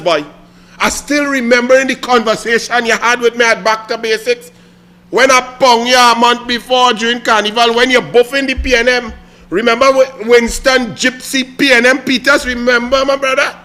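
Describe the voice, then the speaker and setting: A man's voice: extremely high pitch, steady tone, moderate pace, bright, forceful tone. A man with a Trinidadian accent giving mocking political commentary, taunting and theatrical. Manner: taunting, theatrical, repeatedly needling.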